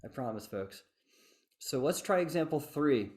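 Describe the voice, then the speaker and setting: A man teaching a fife rhythm lesson on a video call, chanting rhythm syllables with lively inflection and joking asides. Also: on the high side, a little slow, a little hiss or hum. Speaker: fife instructor. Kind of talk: online workshop lesson.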